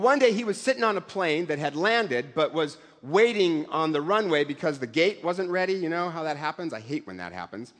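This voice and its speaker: A man's voice: a little high, fairly bright tone. A middle-aged man preaching a sermon in a conversational way, with self-deprecating humor and acted-out voices. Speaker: pastor. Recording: long hall reverb.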